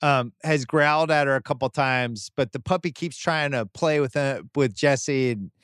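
A man's voice: medium pitch, moderate pace, clean tone, dry recording. A middle-aged man hosting a sports podcast, telling a long home story in casual chat and acting out what people said. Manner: animated storytelling, acts out voices in quotes. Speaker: podcast host. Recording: dry close studio mic.

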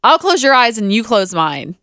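Young woman cohost, jokey and playful, smooth voice, dry close mic. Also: a little high, very animated, moderate pace, bright, forceful tone, no room sound. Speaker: podcast co-host. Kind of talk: casual chat.

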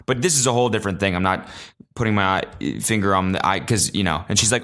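A young man hosting a casual solo podcast, telling animated stories with lots of swearing and high-pitched acted-out quotes. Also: racing. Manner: animated storyteller, swears a lot, jumps high in pitch when acting out quotes. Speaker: podcast host.

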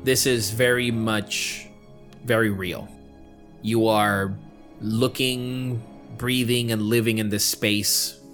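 A man serving as game master, setting scenes in a slow, dramatic way. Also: fairly low pitch, level tone, a bit bright, faint music behind. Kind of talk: narrating a tabletop game.

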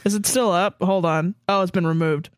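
A woman's voice: on the low side, fairly even intonation, moderate pace, dry recording, studio quality. A young woman co-hosting a podcast in casual, sarcastic, profane chat, laughing often. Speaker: podcast co-host.

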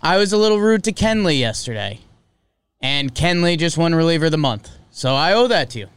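Chatty sports-stream host, smooth dry voice. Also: male voice, a little high, brisk, no room sound. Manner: chatty, joking, energetic with sudden loud bursts. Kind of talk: casual sports talk livestream.

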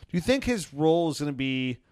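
A man's voice: fairly high pitch, big pitch swings, fast, darkish tone, clean tone, dry recording, studio quality. A man hosting a casual sports podcast, joking around and slipping into silly voices now and then. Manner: jokey, puts on silly voices for players. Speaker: podcast host.

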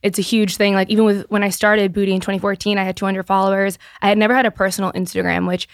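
A woman in her thirties speaks as a guest on a casual podcast. She talks openly and with energy, and she often restarts her sentences. Her voice has a gravelly, creaky edge, and the recording is dry and close. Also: mid-range voice, racing, dry recording. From Boston area. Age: 30s. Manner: candid and animated, with frequent restarts and "like". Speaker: guest, business founder.

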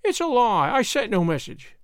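A man voicing a gaunt, sulky woman servant who screeches in rough country speech, in a storybook reading. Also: sing-song, a little fast, no echo, studio quality. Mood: sullen defiant. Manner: shrill, rough rustic speech.

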